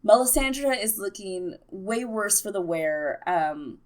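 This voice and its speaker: A young woman giving a casual, excitable TV episode recap, full of fillers. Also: mid-range voice, slow. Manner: chatty and excitable, many fillers. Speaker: TV recap vlogger.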